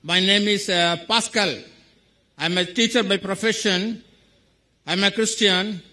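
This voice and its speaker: A man's voice: sits high, steady tone, measured pace, sharp tone, low-quality recording. A man, a teacher, asking a long question from the audience, earnestly quoting scripture in formal phrasing. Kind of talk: public Q&A question.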